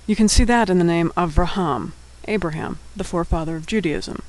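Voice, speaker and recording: A man's voice: high voice, a little fast, low-quality recording. A man teaching a Hebrew alphabet lesson, patiently sounding out words syllable by syllable.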